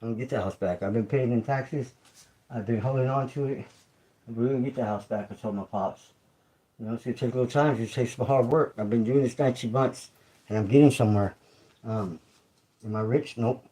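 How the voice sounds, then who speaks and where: A man's voice: medium pitch, brisk, warm tone, rough recording. Conversational man hosting a livestream. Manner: loose and conversational, repeats phrases, asks listeners "you feel me?". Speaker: YouTube creator and livestream host. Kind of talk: casual livestream monologue.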